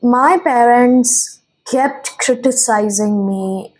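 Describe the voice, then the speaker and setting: An earnest young woman from India, a tarot reader, speaking to her viewers in a slightly high, husky voice. She rambles and corrects herself, confiding and emotional, as if opening up to friends. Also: very slow, a little mellow, poor audio. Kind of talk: spiritual channel talk to viewers.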